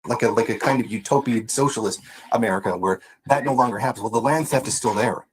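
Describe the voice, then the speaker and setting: A man's voice: mid-range voice, quick pace, a little hiss or hum, rough recording. A man giving political commentary in an emphatic, lecturing way. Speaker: commentator in the reacted video.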